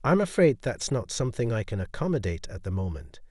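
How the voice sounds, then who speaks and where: A man's voice: mid-range voice, big pitch swings, unhurried, dark tone, no room sound, studio quality. A man voicing a woman flight attendant who speaks steadily, politely and firmly.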